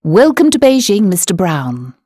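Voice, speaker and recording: A woman narrating a scripted language course, explaining words and tones in a clear, measured way. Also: medium pitch, big pitch swings, mellow, no room sound. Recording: dry studio voice-over.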